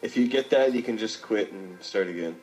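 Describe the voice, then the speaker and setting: A man's voice: on the low side, a little fast, darkish tone, soft background music, rough recording. A man chatting casually with friends while gaming, giving short offhand replies. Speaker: gamer friend.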